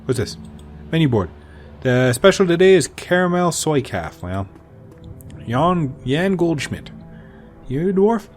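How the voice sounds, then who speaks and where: A man commentating his own playthrough of a game, full of jokey, rambling asides. His pitch jumps around animatedly, and his voice sits somewhat high for a man. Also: very animated, slow, long pauses, soft background music. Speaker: let's play host.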